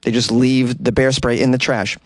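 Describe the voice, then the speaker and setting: A man's voice: medium pitch, moderate pace, dry recording. A man hosting a comedy news podcast, riffing sarcastically and animatedly on weird stories. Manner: sarcastic, animated, jumps into mocking voices. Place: small closet.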